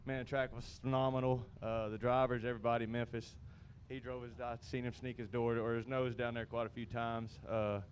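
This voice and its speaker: A man's voice: medium pitch, a little hiss or hum. A man, the winning driver, answering interview questions out of breath in a casual, rambling way, outdoors at a racetrack. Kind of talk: post-race interview.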